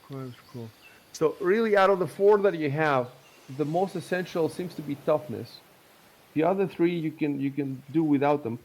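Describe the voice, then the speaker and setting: A man's voice: a little high, normal speed, a little mellow, low-quality recording. A man running a tabletop game, explaining rules with many fillers and restarts. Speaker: game master.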